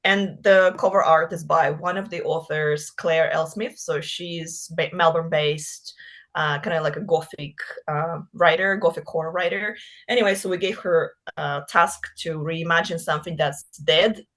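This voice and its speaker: A woman's voice: low voice, fairly even intonation, moderate pace, a bit bright. A woman author from Russia, chatting casually in an interview, with frequent laughs and fillers like "you know" and "like". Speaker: author guest.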